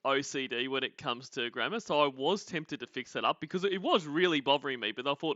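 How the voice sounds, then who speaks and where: A man's voice: mid-range voice, lively intonation, brisk, hardly any pauses, sharp tone, no echo, lo-fi sound. An Australian man hosting a casual livestream, rambling, laughing often and greeting viewers. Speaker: podcast host.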